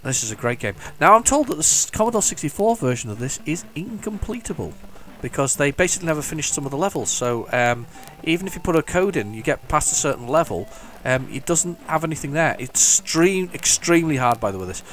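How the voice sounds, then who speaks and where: A man's voice: fairly high pitch, lively intonation, fast, hardly any pauses. Chatty man commenting on gameplay. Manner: chatty and enthusiastic, rambling with many restarts; hums the game tunes along. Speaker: retro gaming video host. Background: faint retro game music.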